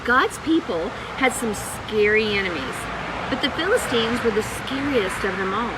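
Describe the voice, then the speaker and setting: A middle-aged woman reading a children's Bible story aloud in a live stream, expressive, asking her viewers questions. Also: a little high, moderate pace, noisy background. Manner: animated and expressive, with gasps and questions to the audience.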